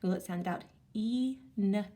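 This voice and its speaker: A woman teacher leading a reading lesson for young children, sounding out words slowly and reacting with animated excitement. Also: medium pitch. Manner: animated, exaggerated excitement with gasps and slow sounding-out.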